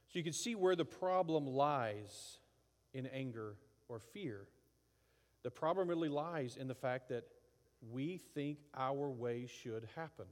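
A middle-aged man preaching in a relaxed, conversational way, with long reverb from a large hall. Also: mid-range voice. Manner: conversational, acts out angry outbursts. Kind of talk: sermon.

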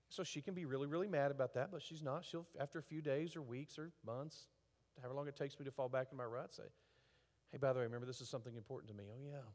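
A middle-aged man preaching a conversational sermon as a pastor, with lively acted asides. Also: fairly high pitch. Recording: long hall reverb.

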